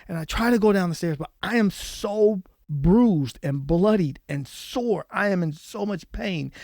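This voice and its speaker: A man telling a painful personal story as a podcast guest, halting and repeating words, his voice often dropping low and soft. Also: no echo, studio quality.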